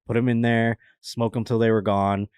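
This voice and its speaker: A man, a comedian guest on a podcast, telling rambling, animated anecdotes in casual chat and laughing at himself. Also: medium pitch, normal speed, clean tone, no echo, clean studio sound.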